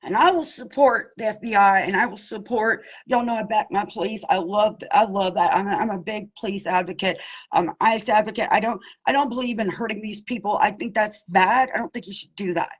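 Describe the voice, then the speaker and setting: A woman's voice: mid-range voice, fairly quick, breathy edge, rough recording. A woman giving impassioned personal testimony as an abuse survivor, emphatic and pleading, calling her listeners y'all. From Pennsylvania.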